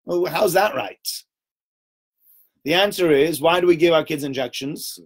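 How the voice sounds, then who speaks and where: A man giving an informal Torah talk to a small group, conversational and animated, often checking in with "right?" and acting out little voices. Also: a little high, a little slow. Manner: acts out little voices and sounds while telling stories.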